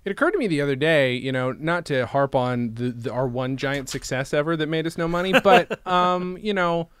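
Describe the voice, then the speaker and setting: A man's voice: fairly high pitch, normal speed, a bit bright, clear, resonant tone. A man co-hosting a podcast in casual, joking chat, rambling and trying out silly voices. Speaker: podcast co-host.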